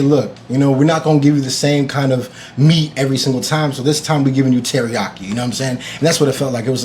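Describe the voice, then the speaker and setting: Animated young man with a higher voice. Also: slight background noise. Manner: animated, swearing, acts out his own reactions. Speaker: vlogger reviewing a TV series. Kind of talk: casual reaction vlog.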